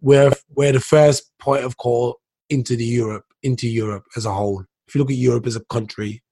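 A man's voice: mid-range voice, fairly even intonation, fairly quick, mellow, husky. A man co-hosting a casual talk show, insistently explaining his view and repeating himself to get a word in. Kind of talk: casual debate.

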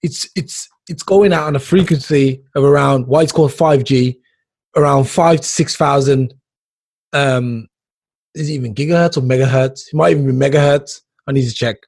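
A man co-hosting a casual chat, reacting to a video with animated remarks. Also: medium pitch, moderate pace, gravelly, breathy edge. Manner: animated, mimics others in his retelling.

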